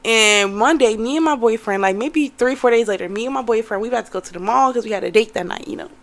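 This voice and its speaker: A young woman telling a story in a casual vlog, animated and cursing, talking to viewers as y'all. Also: on the high side, fast. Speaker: vlogger.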